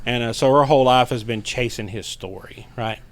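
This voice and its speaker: Animated, profane middle-aged storyteller man. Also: mid-range voice, brisk. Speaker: podcast guest, paranormal investigator. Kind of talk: casual storytelling chat.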